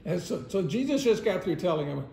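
Gravelly man teaching a Bible lesson. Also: high-pitched, sing-song, brisk, mellow, a little hiss or hum. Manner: conversational storytelling, chuckling often. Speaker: Sunday school teacher. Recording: roomy echo.

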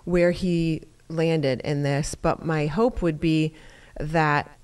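A woman's voice: sits low, fairly even intonation, slow, a little mellow, clean tone. A woman hosting a church podcast, talking in an encouraging, affirming way. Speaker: podcast host. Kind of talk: casual conversation.

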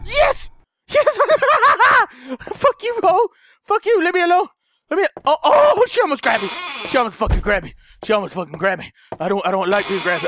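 A man commentating a horror game, panicking loudly, swearing and laughing. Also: high-pitched, no room sound, studio quality. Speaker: gamer commentator. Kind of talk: let's play commentary.

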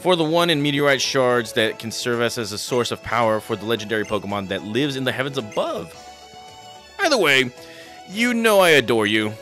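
A man's voice: mid-range voice, animated, brisk, fairly bright tone, faint music behind, close to an everyday voice. A man voicing a brash, teasing young woman trainer in a video game, playful and overfamiliar.

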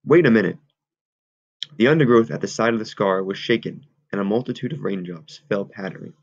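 Gravelly low-voiced man reading a novel. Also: fast talker, dry recording. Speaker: audiobook reader. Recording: dull lo-fi recording.

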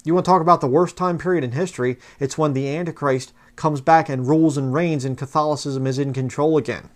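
A man's voice: fairly high pitch, steady tone, brisk. A man talking passionately in a fired-up preaching manner, reading quotes aloud from books and mocking opposing views. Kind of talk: fiery religious commentary video.

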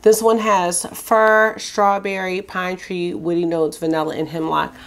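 A woman's voice: fairly low pitch, little pitch movement, a little slow. A woman vlogger giving a casual, enthusiastic fragrance review, chatting and listing scent notes. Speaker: beauty vlogger.

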